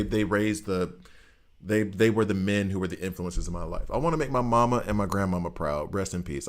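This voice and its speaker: Deep-voiced man chatting casually while gaming. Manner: rambling, opinionated, laughs often. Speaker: gaming streamer. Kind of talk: casual chat while streaming a game.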